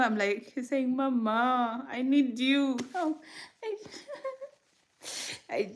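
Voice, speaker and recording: A woman from Uganda with a Ugandan accent, chatting on her livestream and telling stories in a lively, animated way. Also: lowish voice. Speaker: vlogger on a livestream. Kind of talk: casual livestream chat.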